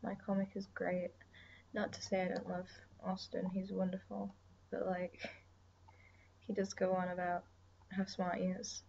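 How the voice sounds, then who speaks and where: A woman's voice: on the low side, completely flat delivery, measured pace, creaky. Brief: young woman, drowsy and chatty, rambling drawing commentary, slightly dull mic with faint hiss. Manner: rambling, chatty, drifts into soft whispers and sighs. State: tired, yawning. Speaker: artist streaming her drawing.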